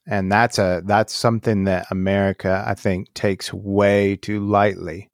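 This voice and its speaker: A man in casual political chat, talking slowly and rambling, often trailing off mid-thought. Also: on the low side, little pitch movement, no room sound, studio quality.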